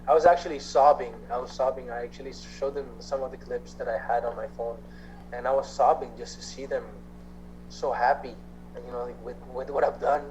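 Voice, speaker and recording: A man's voice: medium pitch, fairly even intonation, fairly quick, dull audio, background noise. A young man with a Filipino accent, answering interview questions earnestly, switching between English and Tagalog with hesitant fillers. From Philippines. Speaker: guest actor. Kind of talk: casual interview chat.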